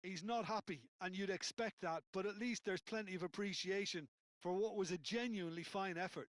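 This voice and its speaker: A male football analyst offering calm, thoughtful co-commentary in a video game. His voice sits fairly high. It is recorded close and dry. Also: dry recording. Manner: measured, analytical.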